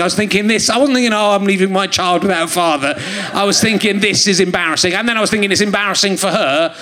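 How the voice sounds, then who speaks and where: A man's voice: high-pitched, fast, few pauses, bright, forceful tone. A middle-aged man hosting a live comedy podcast on a theatre stage, rambling and self-mocking, full of fillers and restarts. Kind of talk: stand-up style live podcast monologue. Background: audience laughter.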